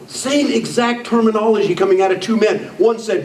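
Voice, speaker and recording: A motivational speaker in his sixties addresses a live audience in a meeting room, blunt and emphatic, repeating "I don't care" and "you know what?". His voice sits high and darkish, and he talks fast with few pauses; the room is echoey, with the mic far from him and slight background noise.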